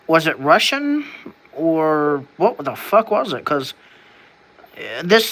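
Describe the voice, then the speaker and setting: A bright-voiced American vlogger with a mid-range pitch rambles casually to camera, wondering aloud, restarting often, and swearing offhandedly.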